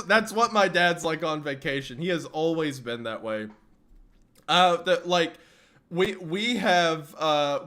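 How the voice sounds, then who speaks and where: Guy with a pretty high voice telling a funny family story, lots of laughing. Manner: animated, laughs often, acts out quotes loudly. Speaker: streamer. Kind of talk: casual storytelling.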